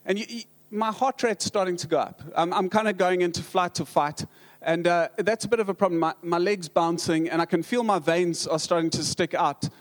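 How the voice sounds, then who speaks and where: South African pastor telling funny stories. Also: male voice, sits high. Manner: halting, with frequent restarts and dry humor. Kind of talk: humorous storytelling sermon.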